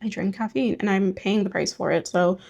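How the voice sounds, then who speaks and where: Gentle young woman with a gravelly edge. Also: medium pitch, fairly quick. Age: young adult. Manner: gentle, reassuring, rambling with many "like" fillers. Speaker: beauty and hygiene vlogger. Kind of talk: casual talk to camera while doing hygiene.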